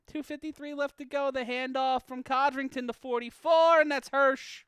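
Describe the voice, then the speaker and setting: A man calling an amateur football game play-by-play, profane and prone to erupting into shouts and laughter on big plays. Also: very high-pitched, steady tone, moderate pace, few pauses, no room sound, clean studio sound. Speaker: play-by-play commentator. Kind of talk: sports commentary.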